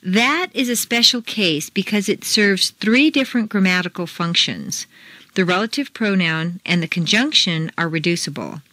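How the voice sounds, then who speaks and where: A pronunciation teacher with a mid-range, expressive, sharp-toned voice leads a scripted accent-training lesson in a dead-dry booth with no room sound. She reads the drills slowly and deliberately, her delivery bouncy and melodic with exaggerated intonation.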